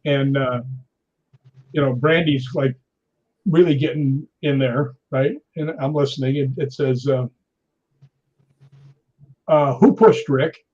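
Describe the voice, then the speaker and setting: A middle-aged man telling a ghost story in a casual interview, animated, often tagging his lines with "right?". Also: mid-range voice, slow pace, long pauses. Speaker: guest. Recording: dull lo-fi audio.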